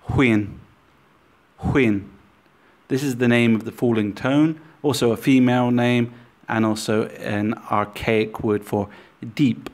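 A man teaching a language lesson, speaking deliberately and repeating example words for learners. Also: medium pitch.

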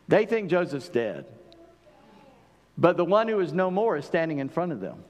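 A man preaches to his church in a relaxed, conversational way, slipping into lively voices for the people he quotes. His voice sits a little high for a man. Long reverb from the church hall hangs behind him. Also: normal speed, pauses often, highs cut off. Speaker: pastor. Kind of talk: sermon. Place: church sanctuary.

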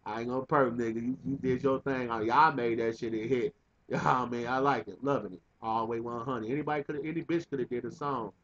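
A man's voice: medium pitch, fairly even intonation, quick pace, a bit bright, lo-fi sound. A young man telling a rambling, profane, funny story in a casual way, laughing often. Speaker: vlogger.

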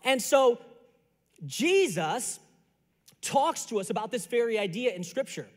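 A male pastor preaching a sermon, telling a story in a lively conversational way that builds to a lesson. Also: very high-pitched, measured pace, in a large hall. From Chicago area. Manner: animated, conversational storytelling with repeated phrases. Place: church sanctuary.

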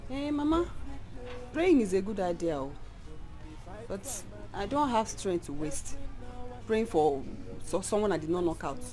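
A woman's voice: medium pitch, expressive, measured pace, pauses often, mellow, natural voice. An actress with a Nigerian accent playing a grown daughter who scolds her mother sarcastically. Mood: scolding. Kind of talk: film drama acting. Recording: film audio with music behind.

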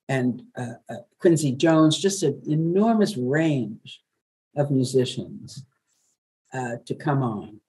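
Older New York woman, very smooth voice. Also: a bass voice, low-quality recording. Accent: New York, softened. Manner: warm, chatty storyteller with laughs. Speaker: veteran radio journalist, guest. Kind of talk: webinar interview.

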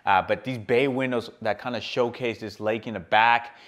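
A man's voice: mid-range voice, fairly even intonation, normal speed, fairly bright tone. Male realtor, mid-range voice, eager, walks and talks through a big house. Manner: enthusiastic, lots of fillers and repeated praise. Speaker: real estate agent giving a house tour. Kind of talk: walking house tour. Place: large furnished home, indoors.

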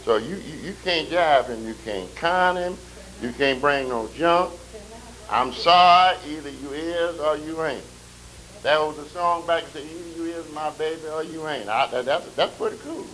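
A male pastor preaching a sermon, drawing out scripture readings slowly and swelling loud, with colloquial asides and questions to the congregation. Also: on the high side, poor audio. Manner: colloquial, calls and responses to the congregation. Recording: faint tape hiss.

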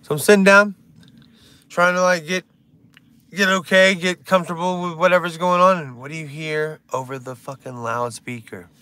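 A man's voice: on the high side, fairly even intonation, moderate pace, pushed and bright. Rambling, foul-mouthed young man on a live stream. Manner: rambling, swears a lot, breaks into silly songs.

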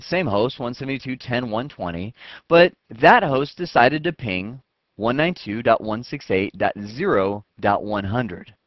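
A man teaching computer networking step by step, acting out what each computer says in quick asides, on a close mic. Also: medium pitch, no echo. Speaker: networking instructor. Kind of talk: screen-recorded technical lesson. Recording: dull, dry lo-fi voice track.

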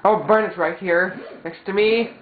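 A man's voice: sits high, fairly even intonation, normal speed. A man giving casual gameplay commentary, rambling and stumbling over restarts. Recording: tinny, echoey, loud game music.

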